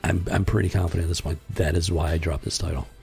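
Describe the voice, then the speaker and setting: A man's voice: low-pitched, fairly even intonation, fast, vocal fry, darkish tone, soft background music. A man hosting a casual comic book commentary, exasperated and blunt, swearing freely and often stumbling over his restarts. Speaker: host.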